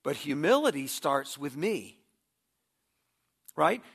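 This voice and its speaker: A middle-aged pastor preaches conversationally in a fairly high voice that swings widely in pitch, delivered slowly with vocal fry and a breathy edge. He often repeats and restarts words as he begins a new thought.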